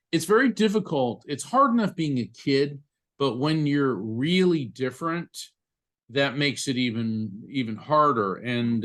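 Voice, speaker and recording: A man with a middle-pitched voice talks through a personal story on a podcast. He stops often and repeats his words, and his telling stays heartfelt. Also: fairly bright tone. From United States. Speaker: psychic medium and attorney, podcast guest.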